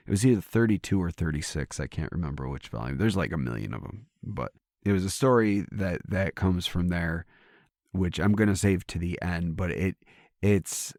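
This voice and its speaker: Brief: middle-aged male podcast co-host, hoarse and gravelly, very deep, dry close mic, rambling chat. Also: a little mellow, dry recording. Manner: rambling, restarts and swears casually. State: hoarse, losing his voice. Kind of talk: casual chat. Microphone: studio microphone.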